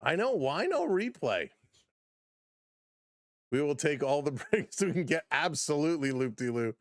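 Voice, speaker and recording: A man hosting a live baseball play-by-play stream, excitable on big plays, chuckling often and greeting chat viewers by name. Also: fairly high pitch, a little slow, dry recording.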